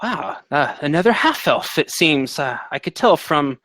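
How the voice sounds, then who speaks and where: A man's voice: on the high side, sing-song, unhurried, fairly bright tone, no room sound. A man voicing a nervous, suave young male bard who stammers and sounds out of breath. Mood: charming.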